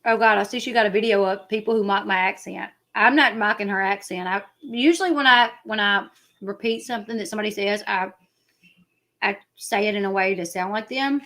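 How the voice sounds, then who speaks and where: A woman's voice: medium pitch, a little fast, a bit bright. Southern woman rambling on a casual stream, country twang, mimics people she quotes. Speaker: YouTube commentary host. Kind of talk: casual livestream chat.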